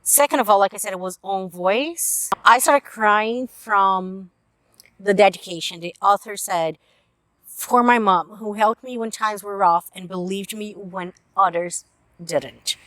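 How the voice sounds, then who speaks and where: A woman's voice: mid-range voice, unhurried, a bit bright, no room sound. Woman booktuber, heartfelt and earnest, mid-range voice, dry close sound. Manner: earnest, emotional, tearful at moments. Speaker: book reviewer. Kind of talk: casual book review vlog.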